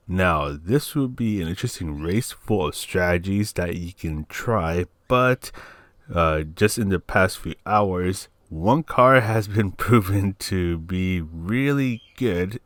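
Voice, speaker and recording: A young man calmly talking through a racing game lap step by step, with a groggy morning voice. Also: deep voice, dry recording. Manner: calm, steady step-by-step explaining. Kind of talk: instructional voice-over commentary.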